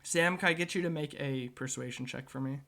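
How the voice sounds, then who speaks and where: A man's voice: mid-range voice, fairly quick, vocal fry, bright, forceful tone. A man narrating and running a tabletop game as game master, in a casual way with frequent fillers and swearing.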